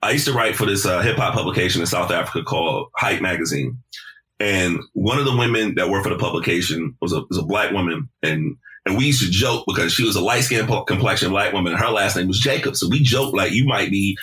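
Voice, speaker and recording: A man guesting on a podcast, telling stories in a casual, animated, profane way and repeating words as he starts his sentences. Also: low voice, fast talker. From South Carolina. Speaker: podcast guest, deejay and emcee. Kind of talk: casual conversational storytelling.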